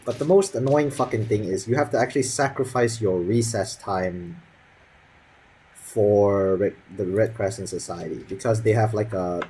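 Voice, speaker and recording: A man's voice: on the low side, moderate pace, dark tone, husky, rough recording. A young man in his teens telling a school story as a casual, profane, sarcastic rant full of fillers.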